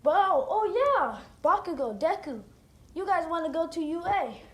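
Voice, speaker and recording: A woman's voice: very high-pitched, sing-song, unhurried, full character voice. A woman voicing an upbeat male school teacher who announces things to his class, recorded in a roomy space. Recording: roomy echo, faint noise.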